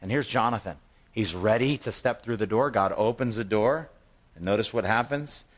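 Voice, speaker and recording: Preaching with a chatty storyteller's energy, this male pastor acts out the characters in the scripture passage and then falls back into ordinary talk. Phrases often get restarted and words repeated. He speaks at a normal speed in a lowish voice.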